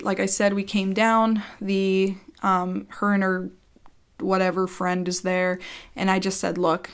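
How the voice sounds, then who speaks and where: A woman YouTuber telling a story in a casual, rambling rant, heated and swearing freely. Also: medium pitch.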